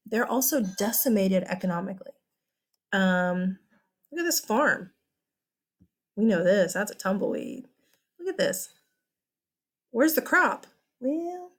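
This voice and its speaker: Chatty Texan woman teaching history. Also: medium pitch. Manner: chatty, animated, exclamatory. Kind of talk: recorded history lesson.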